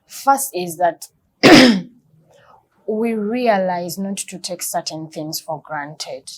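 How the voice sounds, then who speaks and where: A woman's voice: lowish voice, extremely slow. A woman speaks earnestly as an interview guest, often repeating words while she searches for what to say next. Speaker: guest talking about her husband's illness. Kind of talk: emotional interview talk.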